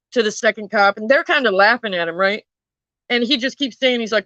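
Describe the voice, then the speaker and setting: Chatty woman telling a crime story, swears a lot, bright tone, kinda lo-fi dry sound. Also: medium pitch, quick pace, dry recording. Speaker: true crime vlogger. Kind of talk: casual storytelling.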